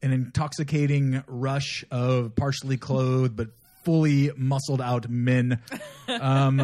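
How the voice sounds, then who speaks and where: A woman co-hosting a casual podcast chat, playful and teasing, quick to laugh. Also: extremely low pitch, fairly even intonation, mellow. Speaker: podcast co-host.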